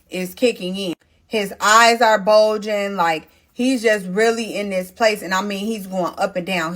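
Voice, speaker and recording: A woman's voice: mid-range voice, a bit bright. Young female storyteller, mid-range voice, direct and emphatic storytime delivery. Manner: emphatic, talks directly to listeners. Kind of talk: storytime narration.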